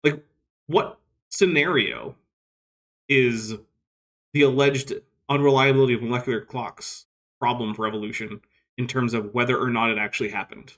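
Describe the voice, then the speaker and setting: A man's voice: mid-range voice, steady tone, moderate pace, long pauses, fairly bright tone. A man hosting a casual livestream, reading viewer comments with wry, skeptical asides. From United States. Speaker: host.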